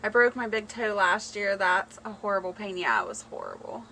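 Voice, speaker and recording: Her medium-pitched voice swings widely up and down as she chats at a moderate pace, bright and forceful, laughing and reading comments on a home livestream. She records indoors on a phone camera, and the poor audio carries slight background noise.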